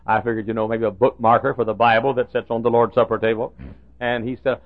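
An older male pastor preaching a sermon full of folksy stories, with a gravelly voice, swinging from loud preaching to hushed asides. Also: mid-range voice, fairly even intonation, fairly quick, no room sound. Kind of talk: sermon with storytelling. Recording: tinny phone-like sound.

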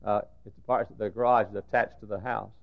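A middle-aged man preaching a sermon, dropping to hushed storytelling and rising to shouted outbursts. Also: on the low side, fairly even intonation, fast, vocal fry, narrow, tinny audio. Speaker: pastor. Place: church sanctuary.

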